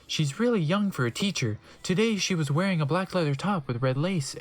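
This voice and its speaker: Lively comic reader of fan fiction. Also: brisk. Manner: deadpan asides in a lowered voice. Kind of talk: comic dramatic reading.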